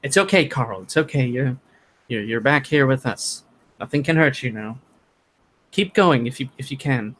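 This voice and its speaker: A man voicing a gentle, comforting townswoman who speaks in a calm, soothing way. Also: medium pitch, normal speed.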